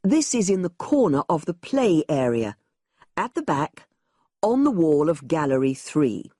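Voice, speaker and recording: Woman w a low husky voice, museum staffer explaining stuff to new volunteers, scripted test audio, very dry sound. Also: sing-song, unhurried, warm tone, dry recording. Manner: clear, explanatory, giving directions. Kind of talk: scripted exam listening recording.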